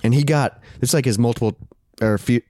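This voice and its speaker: A young man talks casually on a podcast in a middle-pitched voice, close and dry on the mic. He rambles, swears a lot and restarts his sentences often. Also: brisk, dark tone, no echo. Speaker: podcast co-host. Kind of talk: casual chat, storytelling.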